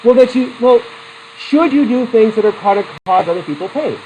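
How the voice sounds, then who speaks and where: A man's voice: very high voice, expressive, brisk, lo-fi sound, a little hiss or hum. Guy teaching psych class, rambly and casual, keeps asking the students questions, laughs a lot. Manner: chatty, digressive, poses questions to the class; laughs often between points. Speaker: psychology instructor. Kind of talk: classroom lecture.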